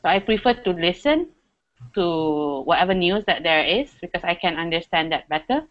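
A woman's voice: on the low side, expressive, moderate pace. Hesitant young woman host, dull audio. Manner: hesitant, many fillers. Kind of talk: casual chat.

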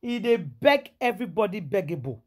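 A Nigerian woman runs a celebrity gossip vlog in Pidgin-laced English, loud, theatrical, and full of exclamations and repeated phrases. Her husky voice swings widely in pitch as she dramatizes each point, sing-song and fairly quick.

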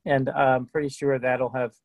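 A middle-aged man talks as a guest on a video call, telling stories in an easy, relaxed way. His voice sits in a medium pitch. The sound is dry and close. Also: normal speed, vocal fry, no room sound, narrow, tinny audio. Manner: laid-back storyteller, frequent restarts. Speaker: guest musician. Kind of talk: casual interview chat.

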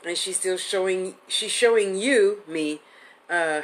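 Her voice is lowish and the recording is low quality. She's a psychic medium host in her fifties giving a live-streamed reading, chatty and affectionate, rambling with restarts.

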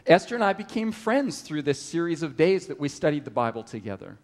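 A middle-aged male preacher with a high, very lively voice that swings up and down as he tells his story. His sermon carries a long reverb from a large meeting hall. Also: a little fast. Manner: storytelling with animated rises and drops.

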